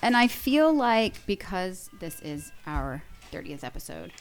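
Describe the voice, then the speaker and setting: A woman in her thirties co-hosts a chat podcast with a joking, bantering manner. Her voice sits a little low and moves animatedly up and down. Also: sing-song, unhurried, soft background music. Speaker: podcast co-host. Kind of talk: casual chat.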